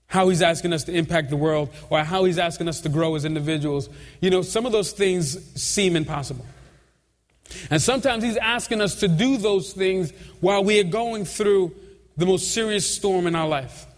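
A man's voice: high voice, moderate pace. A man preaching a sermon as pastor, in a chatty way with chuckles and asides to the congregation. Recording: reverberant church hall.

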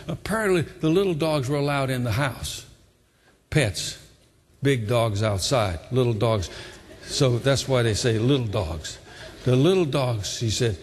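A man's voice: mid-range voice, lively intonation, unhurried, breathy edge, long reverb tail. A man preaching a sermon with emphatic, repetitive exhortation.

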